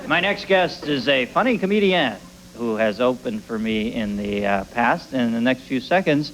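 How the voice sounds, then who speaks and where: A man's voice: medium pitch, animated, normal speed, fairly bright tone, rough recording. A man hosting a late-night talk show, trading sardonic wisecracks before introducing his next guest in a TV studio. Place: TV studio with live audience. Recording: broadcast with audience crowd noise.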